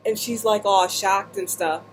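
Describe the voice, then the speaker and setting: A woman vlogger telling a humorous personal story while seated indoors, animated and slipping into voices and asides. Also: medium pitch, unhurried, slight background noise.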